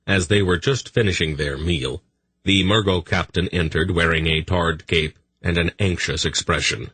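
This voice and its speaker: Man narrating a fantasy audiobook, very low husky voice, dry close sound. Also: moderate pace, fairly bright tone, no room sound.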